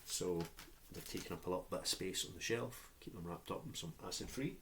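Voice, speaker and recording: A man's voice: sits low, expressive, brisk. A man chatting casually as an online book seller, talking while he packs an order. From United Kingdom. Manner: chatty, easygoing, talks while working with his hands. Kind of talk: casual vlog narration while packing. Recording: loud background noise with clicks.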